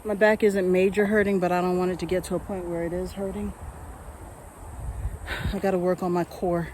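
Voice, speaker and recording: On a wooded nature trail, a nervous woman films herself on a phone held while walking, talking to herself and laughing anxiously as she nears panic. Her fairly low, slightly mellow voice is flat and fairly quick. The audio is poor, with a little hiss or hum.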